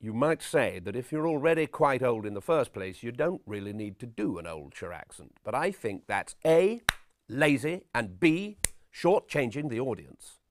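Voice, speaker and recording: A man playing a vain, pompous middle-aged character actor, lecturing on his craft in a deadpan, self-regarding way. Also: mid-range voice, normal speed, slight background noise, lightly acted. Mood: self-important. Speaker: actor giving acting advice. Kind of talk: deadpan spoof documentary address.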